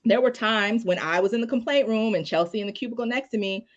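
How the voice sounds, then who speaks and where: A woman criminal law attorney, a guest telling stories in a casual, animated way with many fillers. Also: fairly high pitch, fast, dull audio. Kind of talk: casual storytelling in a live discussion.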